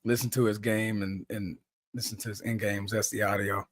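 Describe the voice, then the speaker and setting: A man's voice: lowish voice, flat delivery, normal speed, dry recording, studio quality. A young man hosting a live basketball watch-along podcast, chatting casually in slang and laughing often. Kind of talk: casual live game reaction.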